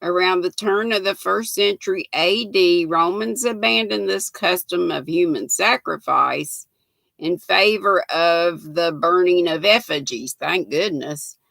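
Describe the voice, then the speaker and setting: A woman's voice: on the low side, measured pace, vocal fry, fairly bright tone, dry recording. An older woman hosting a casual livestream, chatting with viewers by name and reading trivia aloud. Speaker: livestream host.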